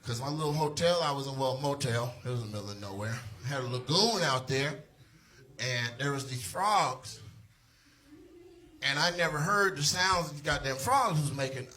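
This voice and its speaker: A male stand-up comedian telling a story on stage to a live audience, loud and animated, laughing through his punchlines and swearing freely. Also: medium pitch, moderate pace.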